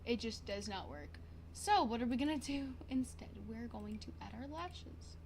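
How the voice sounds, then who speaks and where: A young woman streaming a life-sim game, chatting casually to viewers in a bubbly, excitable way, gasping and repeating herself. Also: on the high side, normal speed, slight background noise. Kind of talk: casual gaming stream chat.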